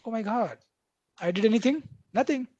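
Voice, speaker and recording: A man's voice: extremely high pitch, lively intonation, fairly quick, a little mellow, no room sound, lo-fi sound. A man teaching a live online coding class. He talks chattily, checks in with the class, and acts out what the code editor says. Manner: chatty, repeatedly checking in with "right?". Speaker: programming instructor.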